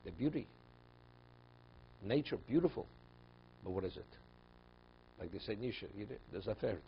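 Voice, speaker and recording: A man teaching a Talmud class, his low voice grainy with fry. He speaks with animation, pushing up loud on key words and often restarting his phrases. The recording is dull and lo-fi, with a faint hum underneath. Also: expressive, moderate pace, long pauses. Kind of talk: spoken Torah lecture.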